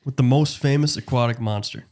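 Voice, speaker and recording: A young man with a mid-pitched voice, co-hosting a loose podcast chat. He reads his notes aloud in a jokey way, stumbling and restarting as he goes. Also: a little fast, darkish tone. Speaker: podcast co-host. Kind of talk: casual chat and reading aloud.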